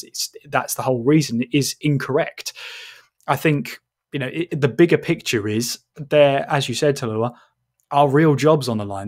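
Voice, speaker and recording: A man hosting a sports podcast in casual chat, steering the talk and posing questions, often restarting his phrases. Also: medium pitch. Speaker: podcast host.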